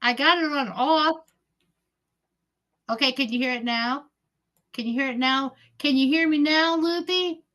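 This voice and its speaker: A woman's voice: high-pitched, measured pace, pauses often, a bit bright. A middle-aged woman chatting casually on her livestream, heckling and giggling as she reads viewers' comments. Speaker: livestream host.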